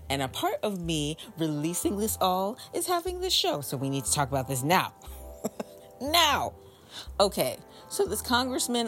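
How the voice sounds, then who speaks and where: A woman with a notably low voice hosts her own podcast, chatting straight to her listeners. Her delivery is animated and expressive, jumping from relaxed asides to emphatic outbursts. Faint music sits behind her. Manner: animated and expressive, swinging between calm asides and exclaimed outbursts; chatty and conversational, addressing listeners directly. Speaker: podcast host. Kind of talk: casual solo podcast monologue. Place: home recording space in Brooklyn.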